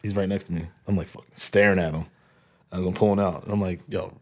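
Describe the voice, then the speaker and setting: A man co-hosting a podcast, telling a profane story in a casual, animated way and acting out the people in it. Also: sits low, fast talker. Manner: profane, animated, acts out quotes. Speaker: podcast co-host.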